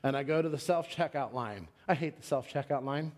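A man's voice: brisk, a little mellow. A middle-aged man preaching a sermon as pastor, telling a story and acting out the quotes in it. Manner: storytelling, acts out quotes with raised pitch.

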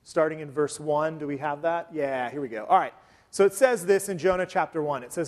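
A man preaching a sermon in a relaxed, conversational way, often pausing with "um" between points. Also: on the high side. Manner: conversational, with frequent um fillers. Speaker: pastor. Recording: long hall reverb.

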